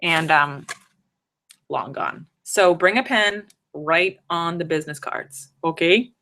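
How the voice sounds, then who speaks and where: A chatty woman in her thirties talks straight to her webcam from a room at home. Her voice sits a little low but sounds bright and forward. She rambles casually, throwing in jokes and asides as she goes. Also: slow pace. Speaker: vlogger giving conference tips. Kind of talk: casual live-stream chat. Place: home, third floor room.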